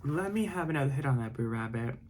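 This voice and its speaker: A man's voice: medium pitch, animated, fast talker, a little mellow, natural voice. A man voicing a hungry, scheming male wolf who talks in a pushy country drawl for a bedtime story. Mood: eager.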